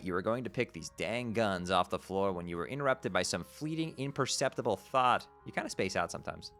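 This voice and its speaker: A man streaming, reading a webcomic aloud to his chat, animated and quick to swear and rant. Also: on the low side. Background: faint background music.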